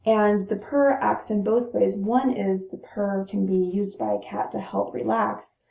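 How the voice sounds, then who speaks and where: A woman teaching breathing techniques in a calm, instructional way, pausing to demonstrate the breaths. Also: mid-range voice, vocal fry. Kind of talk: gentle instructional talk. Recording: roomy, dull lo-fi sound.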